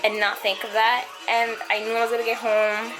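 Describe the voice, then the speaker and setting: A woman's voice: a little high, level tone. Young woman vlogger, anxious, hesitant, filler-heavy confessional delivery, faint music underneath. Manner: halting, filler-heavy, emotional talk. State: anxious and upset. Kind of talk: personal vlog confession. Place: outdoors on a city street. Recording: loud street and traffic noise.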